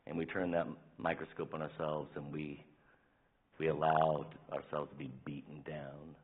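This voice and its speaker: A deep-voiced man delivers a sermon with a husky grain, swinging from loud emphatic bursts to hushed, almost whispered asides. He tells stories like a fatherly preacher, and the recording sounds thin and tinny, as if heard over a phone line. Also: little pitch movement, normal speed. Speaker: pastor.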